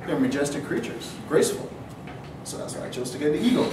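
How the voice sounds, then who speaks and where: A man's voice: a little high, very animated, fast, background noise. A man telling a comic story to an audience in a mock-outraged, earnest manner. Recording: roomy, distant mic, faint ambience.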